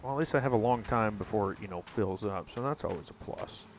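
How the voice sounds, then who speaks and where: Rambling low-voiced gaming streamer man. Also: fast talker, noisy background. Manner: rambling, self-correcting, mild exclamations. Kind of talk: casual gameplay commentary chatting with viewers.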